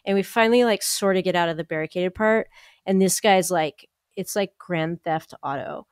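A woman with a fairly low voice recounts a story in loose, casual podcast chat. She is animated, peppers everything with "like," and acts out the people she quotes. The sound is dry and close to the mic. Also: normal speed, clean tone, dry recording. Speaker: podcast co-host.

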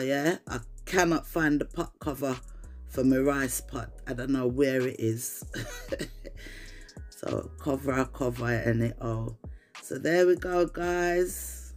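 A woman's voice: a bass voice, a little mellow. A woman with a Jamaican accent, chatting to viewers in patois-laced English while she demonstrates a recipe in her kitchen. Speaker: cooking vlogger. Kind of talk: casual cooking demonstration.

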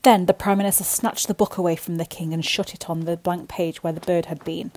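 A woman's voice: lowish voice, brisk, slight background noise. Woman reading a bedtime story. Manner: expressive, gentle.

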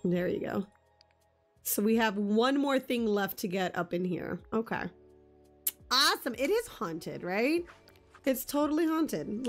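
A woman's voice: on the high side, a bit bright. Bubbly giggly woman streaming a game. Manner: bubbly, gushing and giggly, talking to chat. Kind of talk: live game stream chat. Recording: faint music behind.

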